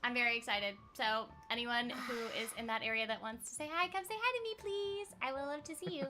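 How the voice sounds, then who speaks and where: A woman's voice: on the high side, brisk, noisy background. A woman voice actor chatting casually while streaming a game, giggly and full of "like"s. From United States. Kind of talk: casual chat while playing.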